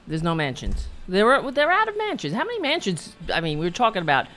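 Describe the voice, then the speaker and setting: A woman hosting a political commentary show, ranting angrily with cursing and halting restarts. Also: medium pitch, wildly swooping pitch, a bit bright, a little hiss or hum. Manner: profane, heated, halting restarts. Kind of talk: angry political rant.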